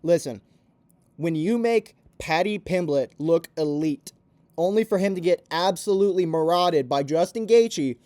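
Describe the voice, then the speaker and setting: Male vlogger, fairly high voice, dry close sound; ranting, sarcastic, swears freely. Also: unhurried, dark tone, no room sound. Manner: heated, profane, sarcastic ranting. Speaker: MMA commentator. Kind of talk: ranting commentary vlog.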